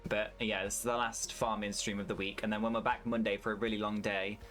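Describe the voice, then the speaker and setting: Streaming a farming game, this UK man answers his chat in a British English accent, swearing freely as he talks. His lowish voice moves little in pitch, runs at a quick pace with a fairly bright tone, and faint music plays behind him.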